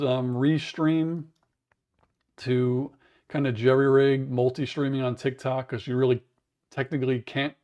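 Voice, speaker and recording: A man with a raspy voice, chatting in a rambling way to viewers on a livestream from home, humming to fill the wait. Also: mid-range voice, a little mellow. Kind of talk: casual livestream chat. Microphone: wearable mic.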